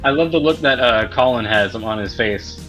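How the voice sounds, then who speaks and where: A man in his twenties co-hosting a casual podcast. He laughs a lot and gets animated when he retells a story. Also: medium pitch, normal speed, faint music behind, poor audio. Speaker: podcast co-host.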